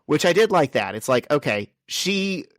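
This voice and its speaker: A man's voice: fairly high pitch, sing-song, normal speed, a bit bright, dry recording, studio quality. Man co-hosting a comic book podcast. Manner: joking, summarizes plot and reads out dialogue. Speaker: podcast co-host. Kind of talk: casual comic book discussion.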